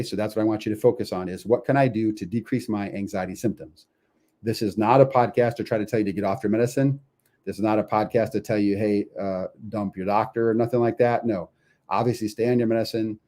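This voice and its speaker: Middle-aged male podcast host, low and warm, chatty teaching tone. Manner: conversational, asks listener questions, acts out inner voices. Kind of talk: explaining a lesson.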